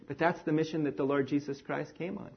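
A man preaching a sermon with animated emphasis, swinging between raised declarations and hushed, quiet phrases. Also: on the high side, quick pace, vocal fry, husky, lo-fi sound. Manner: animated, rising and falling emphasis, drops to near-whisper.

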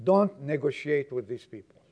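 A male pastor preaching a sermon to his congregation, emphatic and moving between loud exhortation and quiet, low asides. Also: expressive, moderate pace, gravelly, dull audio.

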